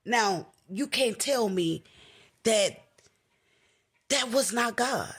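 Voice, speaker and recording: A woman's voice: a little high, drawn-out words, slightly rough. Boisterous young woman telling a story. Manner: animated, slangy, acts out other people's lines. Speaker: vlogger telling a personal story. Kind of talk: casual storytime chat.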